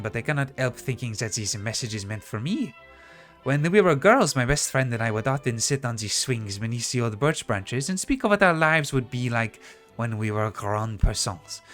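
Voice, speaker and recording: A man doing a refined French vice principal. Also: medium pitch. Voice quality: put-on French accent with French words. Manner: refined, confiding. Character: snooty vice principal woman, curious, refined.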